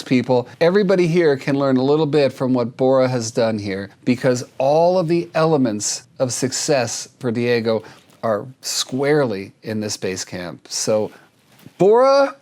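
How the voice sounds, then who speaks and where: A man hosting an advice show, talking casually and warmly about a shy cat, often repeating and restarting words as he gets emotional. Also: medium pitch. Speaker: cat behaviorist host reviewing a viewer video. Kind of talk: casual advice talk to camera.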